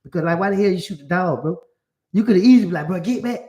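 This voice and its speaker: A man talks to an audience in loose vernacular, often doubling up his words as he tells his story. His voice sits a little high for a man. The room has an open echo. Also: racing. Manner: animated, repeats words, vernacular speech. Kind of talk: casual spoken storytelling. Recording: roomy echo.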